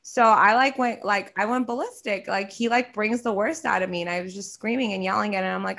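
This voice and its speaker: A young woman in casual chat, telling a story with animated quoting and frequent swearing. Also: mid-range voice, brisk.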